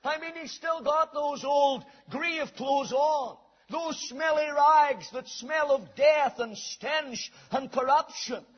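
A man preaching a sermon, telling a Bible story and acting out its scenes with raised, drawn-out calls. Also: very high voice. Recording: dull, muffled lo-fi sound.

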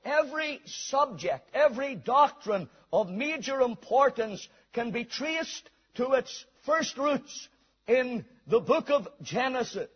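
Husky high-voiced man preaching a sermon. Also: expressive, slow. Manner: reads scripture aloud then tells a story. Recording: dull recording in a hall with long reverb.

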